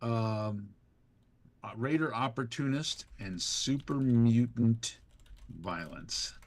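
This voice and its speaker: A man's voice: medium pitch, slow pace. A man, a voice actor, chatting casually and playfully as a livestream guest. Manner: playful, improvising.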